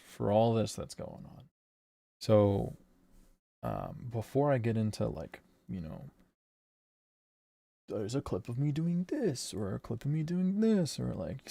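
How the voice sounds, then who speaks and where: A man's voice: medium pitch, vocal fry, dark tone, dry recording. A man streaming casually while he works, thinking aloud in a rambling way that corrects itself, swearing and laughing often.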